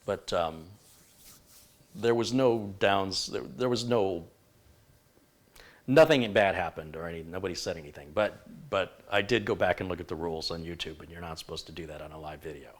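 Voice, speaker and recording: Rambling lower-voiced male tech host. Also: moderate pace. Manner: thinks aloud, rambling with self-corrections. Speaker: computer repair host. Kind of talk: live-stream tech diagnosis and chat.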